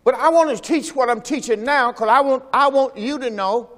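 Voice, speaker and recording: High-voiced preacher in a reverberant church. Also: male voice, moderate pace, a bit bright. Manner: preaching with call-and-response to the congregation; folksy, repeats phrases for emphasis. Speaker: pastor. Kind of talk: sermon. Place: church sanctuary during a service.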